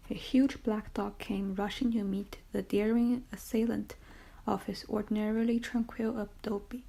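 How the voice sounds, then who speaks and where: Gravelly, mellow woman narrating a classic novel. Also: medium pitch. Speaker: audiobook narrator.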